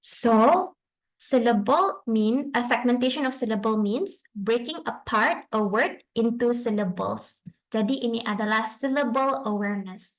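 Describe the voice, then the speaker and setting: A young woman speech therapist giving an online presentation to parents over a video call, explaining steps slowly and mixing in Malay phrases. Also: on the high side, poor audio.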